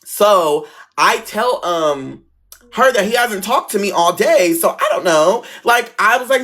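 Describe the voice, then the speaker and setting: A man's voice: high-pitched, moderate pace, bright, forceful tone. A young man casually telling a story from his childhood and acting out the voices of the people in it.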